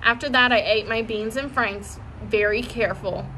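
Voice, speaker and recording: A woman reading a children's chapter book aloud in a lively, expressive way. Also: a little high, moderate pace, a little hiss or hum. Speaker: audiobook reader. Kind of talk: storybook read-aloud.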